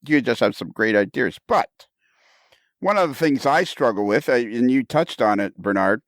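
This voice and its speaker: A man hosting a casual podcast conversation, enthusiastic and quick to laugh, often repeating his words, heard on a close mic. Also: mid-range voice, expressive, no echo. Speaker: podcast host.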